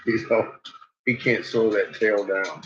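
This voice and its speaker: A man's voice: on the low side, steady tone, a little slow, a bit bright, slightly rough. A man chatting casually as a vlog host, laughing often as he talks about his dogs. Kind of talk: casual chat. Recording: dull lo-fi recording.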